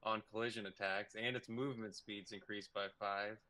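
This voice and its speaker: A man's voice: fairly low pitch, fairly even intonation, normal speed, bright, forceful tone. A man playing a tabletop game who reads out his abilities in a matter-of-fact way. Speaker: player. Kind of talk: casual tabletop game talk.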